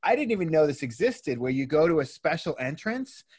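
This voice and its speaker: Chatty man with a slightly high voice. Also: very animated, fairly quick, darkish tone, husky. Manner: laid-back, chatty, swears casually. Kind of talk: casual podcast conversation.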